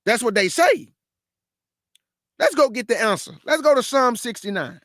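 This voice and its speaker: A man with a very high voice hosts an informal scripture lesson. He talks in a slangy, conversational way and poses rhetorical questions to his listeners. The recording is dry, with no room sound. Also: very animated, normal speed, fairly bright tone, no room sound. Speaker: host and Bible teacher.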